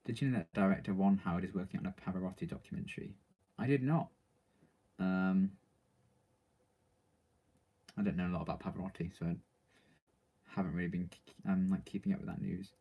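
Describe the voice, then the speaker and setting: A man's voice: sits low, flat delivery, fast, long pauses, dark tone. A man reading out viewer questions and answering them in casual, rambling live-stream chat, full of ums and likes.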